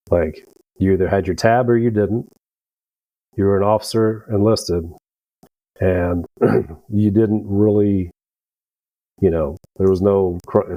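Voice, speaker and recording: A man's voice: sits low, mellow, no echo, rough recording. A middle-aged American man, a veteran guest on a podcast, telling rambling stories with profanity and acted-out dialogue. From United States. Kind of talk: casual storytelling.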